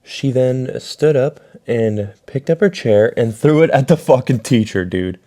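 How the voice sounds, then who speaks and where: A man's voice: mid-range voice, lively intonation, a little slow, warm tone. A young man telling a rambling, profane story in a casual storytime vlog, full of fillers. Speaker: storytime vlogger.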